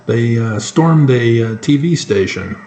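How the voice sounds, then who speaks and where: A man giving solo news commentary on his own channel, talking in a halting way with sudden emphatic bursts. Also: medium pitch, animated, darkish tone, reverberant, slight background noise. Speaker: YouTube commentator.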